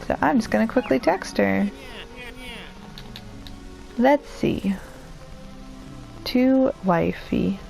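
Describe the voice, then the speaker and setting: A woman's voice: on the high side, expressive, slow, vocal fry, long pauses, darkish tone, soft background music, low-quality recording. A young woman rambling and joking at her own expense while commenting on a video game she plays. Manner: rambling, self-deprecating, chatty. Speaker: let's play commentator. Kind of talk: casual gameplay commentary.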